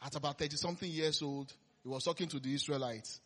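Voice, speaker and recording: A man preaching a conversational sermon, laughing often and swinging between loud emphasis and quiet asides. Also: on the high side, fairly even intonation, fast talker.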